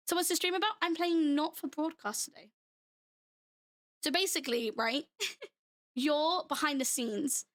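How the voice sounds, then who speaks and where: Young woman from Britain, high bright voice, blended British-American-Australian accent, bubbly and giggly, casual stream chat. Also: slow, long pauses. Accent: mixed British, American and Australian. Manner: giggly and bubbly, laughs often. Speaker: livestreamer.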